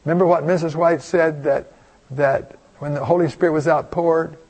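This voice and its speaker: Gravelly older man telling a sermon story. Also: fairly high pitch, fairly even intonation, moderate pace, a little mellow. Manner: rambling, folksy, with many restarts and asides. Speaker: preacher.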